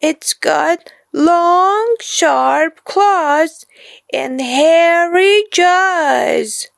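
A woman's voice: extremely slow, vocal fry, no echo, studio quality, full character voice. Kipper, a shrieking little boy as a woman puts him on. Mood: fearful telling. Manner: shrill yelling and sobbing.

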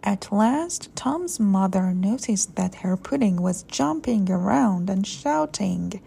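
A woman's voice: medium pitch, animated, takes it slowly, gravelly, few pauses, dark tone, breathy edge. A woman reading a children's story aloud expressively, with playful sound words.

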